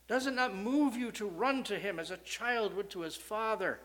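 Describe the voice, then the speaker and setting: A man preaching a sermon, swinging from loud, rising questions to soft, low statements with strong emphasis. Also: lively intonation, moderate pace.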